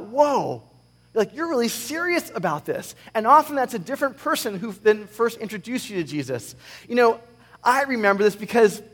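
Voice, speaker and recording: A man preaching a conversational sermon, reading scripture with animated sarcasm. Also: high voice, in a large hall. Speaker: pastor.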